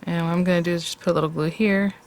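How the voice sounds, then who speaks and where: A woman's voice: fairly low pitch, steady tone, racing, a little mellow. A woman hosting a craft tutorial, chatting casually and thinking aloud as she works.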